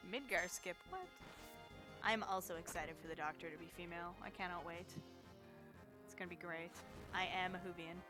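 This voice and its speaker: A woman's voice: lowish voice, moderate pace, pauses often, over music. A woman giving playful, chatty live-stream commentary while speedrunning a game, tossing jokey asides to her chat.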